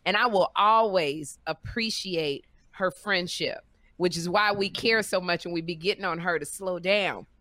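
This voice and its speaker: A woman comedian who co-hosts a podcast and tells stories in an animated way, acting out the people she quotes. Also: fairly low pitch, unhurried, dry recording. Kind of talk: animated storytelling.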